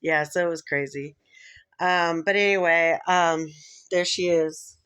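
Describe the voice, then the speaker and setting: A woman vlogger rambling casually, full of fillers and quick laughs. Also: on the low side, steady tone, fairly bright tone, clear, resonant tone, dry recording. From Philippines heritage. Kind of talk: casual chat.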